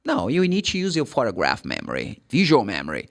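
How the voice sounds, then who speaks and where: A middle-aged man from Brazil with a Brazilian Portuguese accent, teaching English in a casual spoken lesson and spelling words out slowly letter by letter. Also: lowish voice, wildly swooping pitch, vocal fry.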